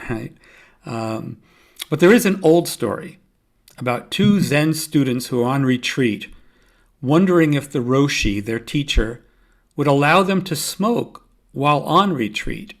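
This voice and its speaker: A man hosting his own podcast, explaining yoga and mindfulness in a calm, measured teaching voice with gentle humor. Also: mid-range voice. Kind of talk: solo podcast talk.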